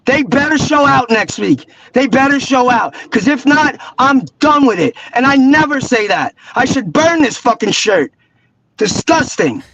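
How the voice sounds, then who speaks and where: A man's voice: very high-pitched, animated, measured pace, a bit bright, dull audio, slight background noise. A man with a New York accent calling in to a sports podcast, ranting with profanity and sarcasm. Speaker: caller. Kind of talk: angry call-in rant.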